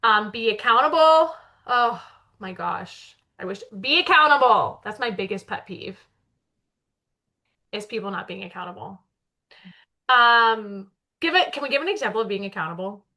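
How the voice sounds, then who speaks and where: Chatty woman in her 30s, podcast co-host, bright and forceful delivery. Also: medium pitch, normal speed, long pauses. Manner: chatty, self-described loud talker. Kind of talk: casual chat.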